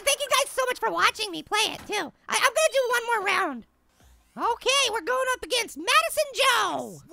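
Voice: very high voice, vocal fry, noisy background, heavily acted. A voice actor playing a tiny, cheeky cartoon apple who plays a basketball video game and trash-talks the opponents. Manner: trash-talking, excitable, quick banter at the game. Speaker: gaming channel host. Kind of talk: cartoon character game commentary.

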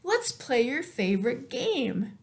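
A woman voicing a happy, friendly little female cat in a storybook, with squeaky, gushing thanks. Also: big pitch swings, takes it slowly, darkish tone, full character voice.

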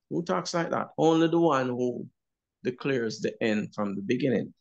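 A man's voice: mid-range voice, normal speed, vocal fry, lo-fi sound. A man with a Jamaican accent teaching a Bible class, emphatic and often asking "you see?". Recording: roomy echo.

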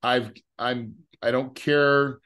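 A man's voice: medium pitch, fairly even intonation, takes it slowly, a bit bright, clean tone. A middle-aged man as a podcast guest, telling a personal story in a casual way, repeating words and often asking "right?". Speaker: guest, real estate investor. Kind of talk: emotional storytelling.

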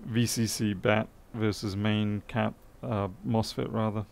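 A man's voice: fairly low pitch, little pitch movement, measured pace, creaky. A man talking through a circuit board repair live, thinking aloud in a methodical, muttering way. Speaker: electronics repair technician. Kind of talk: live repair stream commentary.

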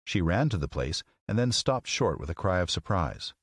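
A man narrating a classic children's story as an audiobook, with an expressive, measured reading. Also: sits low, breathy edge, no room sound, clean studio sound.

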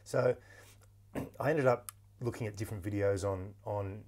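A man's voice: on the low side, steady tone, normal speed, darkish tone. A man hosting a podcast interview, telling stories in a chatty way with lots of restarts and easy laughter, into a podcast microphone. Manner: chatty storyteller, laughs easily, many restarts. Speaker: podcast host. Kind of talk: casual interview chat.

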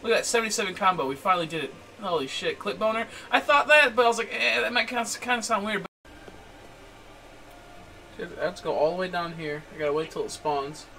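A young man giving let's-play commentary, excitable and swearing a lot, chatting to the creatures on screen and yelling at surprises. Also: sits high, fairly quick, slight background noise. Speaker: game streamer.

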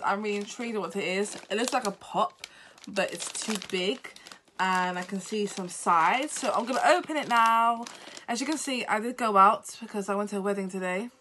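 A tired woman vlogger unboxing gifts at home, talking in an excitable, apologetic way. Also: medium pitch, slight background noise. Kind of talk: unboxing vlog.

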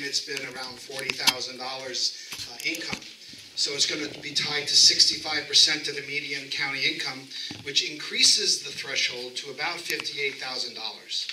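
A man with a New York accent, a representative of the county assessor's office, giving a brisk, matter-of-fact presentation at a town hall meeting. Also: on the high side, pushed and bright, a little hiss or hum. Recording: echoey room, mic from a distance.

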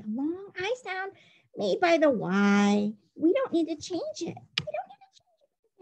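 Slow, lively playful woman teacher. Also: very high voice, rough recording. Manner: playful, slow and clearly spelled out. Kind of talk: recorded phonics dictation lesson.

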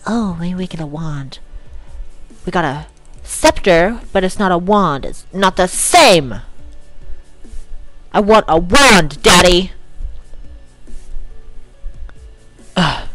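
A woman's voice: sits low, exaggerated voice. A woman voicing a spoiled, vain rich socialite in gameplay commentary, with a valley-girl drawl, gasps and whiny "ugh"s. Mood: snooty. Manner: screams in furious tantrums. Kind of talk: let's-play commentary in character.

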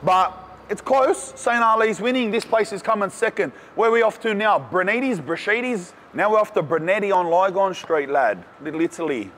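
An Australian man reviewing food in a casual vlog, talking in an excitable, slangy way. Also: high-pitched, moderate pace, slight background noise. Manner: slangy and excitable, calls the viewer "cuz". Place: cafes and city streets.

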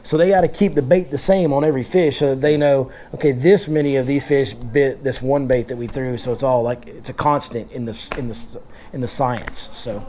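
A man's voice: mid-range voice, steady tone, fairly quick, mellow, a little hiss or hum. A man hosting a casual fishing seminar, telling stories and joking in Southern slang. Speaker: fishing guide and seminar host.

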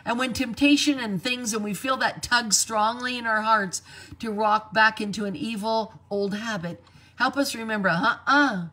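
A woman preaching a sermon in a lively way, acting out quoted voices. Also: a little high, moderate pace. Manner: animated, acts out quoted voices.

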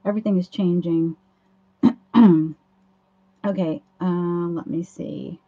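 A hoarse woman hosts a casual craft livestream, chatting through each step as she works at a home craft table. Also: on the low side, steady tone, slow pace, dark tone. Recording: dull lo-fi livestream audio.

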